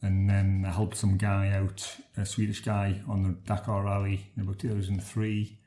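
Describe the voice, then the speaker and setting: Male interview guest, low mellow voice, flat delivery, roomy echo. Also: moderate pace, slight background noise. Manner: hesitant, full of ums and restarts. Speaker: interview guest, tour company founder. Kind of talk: casual interview answers.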